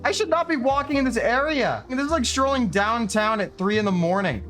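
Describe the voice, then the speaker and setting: A young man narrating his survival game run and reacting excitedly and sarcastically, swearing often. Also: very high-pitched, brisk, soft background music. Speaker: gaming video creator. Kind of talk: game commentary with scripted narration.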